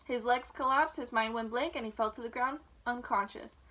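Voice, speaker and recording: A woman reading a children's book aloud with clear, expressive storytelling. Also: a little high, moderate pace, rough recording.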